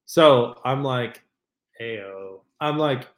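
Profane, animated man in an echoey room. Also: mid-range voice, moderate pace. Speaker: podcast co-host. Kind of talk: casual chat.

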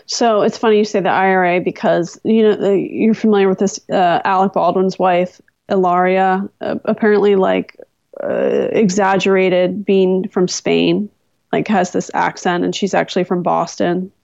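A woman with a gravelly, fry-edged voice tells stories in a relaxed podcast interview, lively and incredulous as she goes. The sound is dry and a little dull, close to the mic. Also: mid-range voice, normal speed, no room sound. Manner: animated, incredulous storyteller with laughs. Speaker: podcast guest. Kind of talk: casual interview storytelling.

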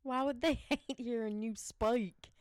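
A woman's voice: a little high, steady tone, measured pace, darkish tone, clear, resonant tone, no room sound. A young adult woman co-hosting a podcast in casual chat, teasing and giggling. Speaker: podcast co-host.

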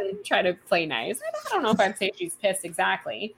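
A woman's voice: on the low side, huge pitch swings, a little fast, few pauses, a little hiss or hum. Chatty woman retelling a novel. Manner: chatty, lots of "like" and quoted dialogue. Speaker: podcast co-host. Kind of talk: casual book-club chat, retelling a novel.

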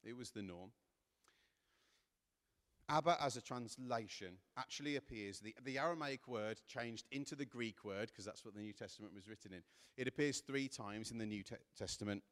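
Male preacher, earnest sermon delivery, low-ish voice, echoing church hall. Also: moderate pace, fairly bright tone. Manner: earnest, rising to impassioned emphasis while reading scripture. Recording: long hall reverb.

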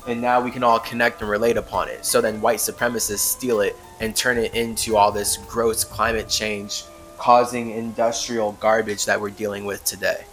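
A podcast host muses casually on spiritual topics, rambling and emphatic, often breaking into laughter. His lowish voice keeps a level tone at a moderate pace and sounds fairly bright, with faint music in the background.

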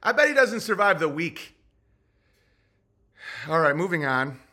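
Podcast host, male, bright tense voice, sarcastic and profane rant. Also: on the high side, sing-song, unhurried.

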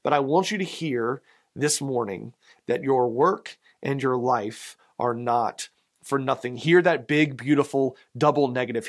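A male pastor giving an earnest Easter sermon, slowing down to read poetry with rising emphasis. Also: medium pitch. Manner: earnest preaching, reading poetry slowly with swells of emphasis.

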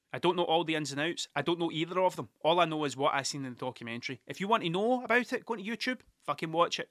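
A Scottish man rambles through a casual, sweary podcast monologue in an animated way. His voice sits a bit high and bright, with a sharp edge. The sound is close and dry, with no room around it. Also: dry recording. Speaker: podcast host.

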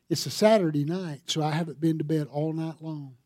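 A pastor preaching a sermon, telling a story and building to emphatic appeals. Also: male voice, on the high side, steady tone, fairly quick, mellow, no room sound, studio quality.

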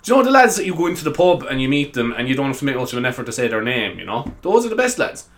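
A man's voice: mid-range voice, big pitch swings, racing, fairly bright tone. A young Irish man hosting a solo podcast, chatting casually in a rambling, easily sidetracked way and giggling a lot. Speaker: podcast host.

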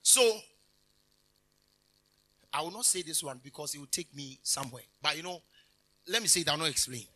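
A male minister, preaching in a high, lively register. His tone is bright and forceful, and he mixes teasing jokes with emphatic declarations and frequent hallelujahs. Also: moderate pace, pauses often, poor audio. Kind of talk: conversational sermon. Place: convention hall.

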